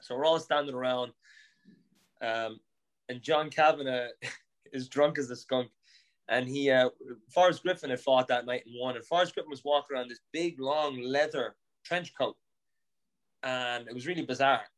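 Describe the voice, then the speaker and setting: A young Irish man from Ireland telling animated stories on a podcast, laughing, swearing and restarting his sentences. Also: mid-range voice, normal speed, long pauses. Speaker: podcast guest. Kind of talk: casual storytelling.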